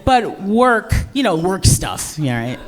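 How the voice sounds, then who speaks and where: A woman's voice: medium pitch, big pitch swings, slow pace. A middle-aged woman doing live stand-up comedy, brash and profane, with a voice that swings widely up and down as she plays to the crowd. She mocks herself and talks straight to the audience. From United States. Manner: brash, profane, self-mocking, playing to the crowd.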